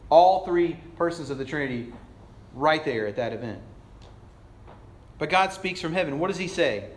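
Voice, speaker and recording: A male pastor preaching a sermon emphatically, swinging between raised lines and hushed ones. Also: fairly high pitch, lively intonation, moderate pace, long pauses, reverberant.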